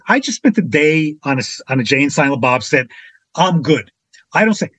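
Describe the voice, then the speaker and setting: A husky, fairly high-voiced man tells a story in a relaxed, chatty way. He performs other people's lines with sudden leaps in pitch and energy. The sound is close and dry, with no room around it. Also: fairly quick, no room sound. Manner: animated, acts out quotes with big pitch jumps. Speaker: podcast guest. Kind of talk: casual storytelling anecdote.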